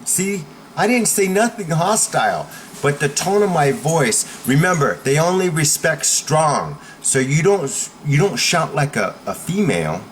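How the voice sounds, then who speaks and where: A self-defense coach gives viewers blunt, emphatic, forceful instruction, often checking in with "okay?". His voice is a little high with big pitch swings, he speaks unhurriedly, and there's slight background noise.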